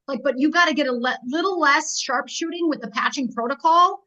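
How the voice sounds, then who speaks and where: A middle-aged woman giving an energetic, rallying business training talk as a network marketing team leader, telling stories quickly. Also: high voice. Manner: energetic, rallying, rapid storytelling. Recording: dull lo-fi recording.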